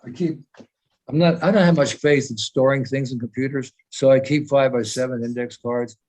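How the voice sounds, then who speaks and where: A man's voice: medium pitch, fairly even intonation, fairly quick, darkish tone, poor audio. An older man talking over a video call as a guest speaker, earnest and emphatic, wandering through thoughts with frequent restarts. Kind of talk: conversational video-call talk.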